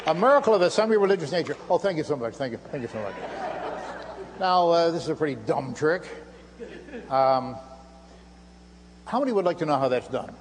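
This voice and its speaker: A man's voice: medium pitch, expressive, moderate pace, pauses often. An older man giving a live stage lecture with magic demonstrations, in playful, self-mocking showman patter. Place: lecture hall stage before an audience. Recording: live hall recording with faint hum. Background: audience laughter.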